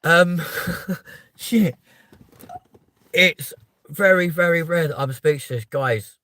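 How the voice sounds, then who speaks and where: A man's voice: on the high side, bright, forceful tone, dry recording. Overwhelmed man, dry sound. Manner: sighing, halting, overwhelmed. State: emotional, close to tears. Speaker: channel host. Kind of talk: live stream talk to viewers.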